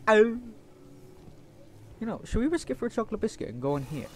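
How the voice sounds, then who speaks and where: A man giving chatty, playful let's-play commentary, breaking into loud excited outbursts. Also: high-pitched, very fast, a little hiss or hum. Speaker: gaming YouTuber.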